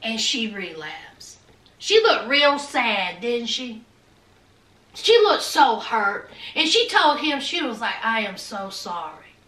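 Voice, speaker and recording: A woman's voice: fairly high pitch, big pitch swings, slow pace, fairly bright tone. A woman recapping a reality TV episode in a sassy, chatty way, with teasing asides to her viewers. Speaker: TV recap vlogger. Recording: echoey room, far from the mic.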